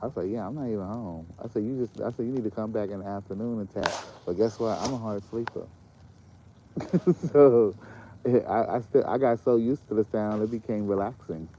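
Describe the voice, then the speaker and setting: Low-voiced man telling stories, swearing freely. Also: brisk, a little hiss or hum. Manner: animated storyteller, swears freely, laughs often. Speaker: podcast host. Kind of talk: casual late-night chat.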